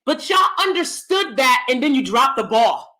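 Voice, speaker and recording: A woman's voice: high voice, very animated, normal speed, pushed and bright. A woman vlogger giving opinionated commentary to her viewers from downstairs at home, emphatic and repeating lines for effect.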